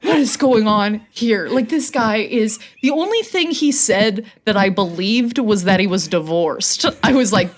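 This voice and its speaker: Animated young woman telling a funny story. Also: fairly high pitch. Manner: animated, fast, laughs through the story. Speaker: podcast co-host. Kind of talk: casual comedic storytelling.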